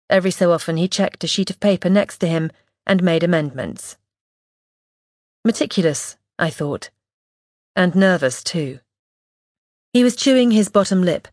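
A woman reading a first-person audiobook in a measured, wry, observant way, close to the mic. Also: on the low side, dry recording. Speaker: audiobook narrator.

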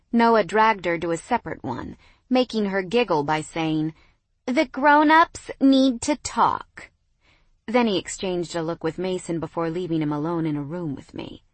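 A young woman narrating a first-person romance audiobook, reading the dialogue with expressive emotion. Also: lowish voice, dry recording.

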